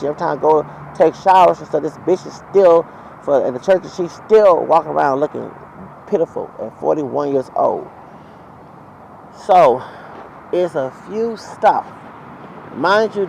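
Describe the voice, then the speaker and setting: A man's voice: a little high, creaky. A man telling a heated, profane, rambling story as a vlogger, outdoors near traffic. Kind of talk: ranting storytime monologue.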